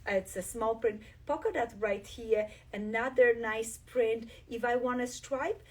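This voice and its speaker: Enthusiastic quilting host, a bit off-mic. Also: female voice, on the high side, steady tone, unhurried, distant mic. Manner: enthusiastic, shows fabrics while talking. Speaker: quilt designer hosting a live stream. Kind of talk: live craft demonstration.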